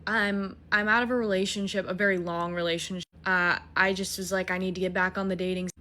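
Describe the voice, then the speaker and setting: A woman in her twenties casually telling a dating story, animated, swearing and mocking herself. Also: fairly low pitch, a little fast. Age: 20s.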